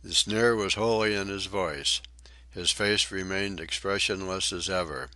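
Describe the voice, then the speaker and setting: Deep, forceful male audiobook narrator, dry close sound. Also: fairly even intonation, a little slow, no room sound. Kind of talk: scripted narration.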